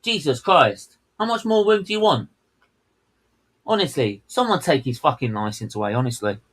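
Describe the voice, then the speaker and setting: A man's voice: medium pitch, lively intonation, normal speed, a bit bright, poor audio. A man co-hosting a race watchalong, ranting heatedly and swearing at the drivers. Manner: heated, swearing, fuming outbursts. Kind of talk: live race commentary rant.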